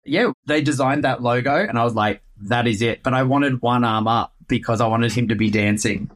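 A man talks about his work in a relaxed interview. He tells stories in a playful, lively way, and his voice sits in an ordinary middle pitch. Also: fairly quick. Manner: animated, playful storyteller. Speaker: real estate agent. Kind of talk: casual interview answers.

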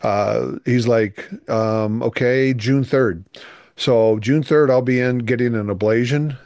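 A man's voice: medium pitch, fairly even intonation, slow, a little mellow, dry recording, studio quality. Earnest man telling a heartfelt story. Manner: earnest, emphatic, voice rising with feeling. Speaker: youth minister and guest. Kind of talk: emotional storytelling testimony.

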